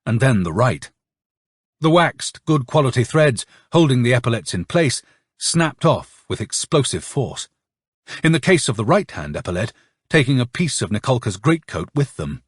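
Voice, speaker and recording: A man narrating an audiobook in an expressive, dramatic reading style. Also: medium pitch, slightly rough, dry recording, clean studio sound. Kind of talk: scripted narration.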